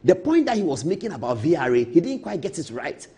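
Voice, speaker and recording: A man's voice: on the high side, very animated, quick pace, warm tone, breathy edge. A man with a Ghanaian English accent giving emphatic political commentary in a TV studio, repeating his key points and slipping into storytelling asides.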